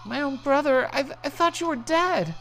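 A heartbroken young girl from a video game, as a woman voices her, pleading in a raised, strained tone. The pitch wanders widely. Faint music can be heard. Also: very animated, unhurried. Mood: distraught.

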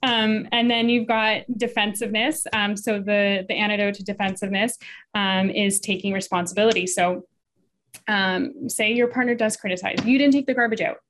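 A woman's voice: mid-range voice, little pitch movement, moderate pace, fairly bright tone. A woman therapist explaining couples communication in casual conversation, with frequent fillers and restarts. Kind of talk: casual podcast chat.

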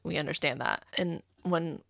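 Young adult woman, gravelly fry, close dry sound, chatty storyteller. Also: deep voice, moderate pace, a bit bright, no echo. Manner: chatty, fills talk with "like". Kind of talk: casual personal story.

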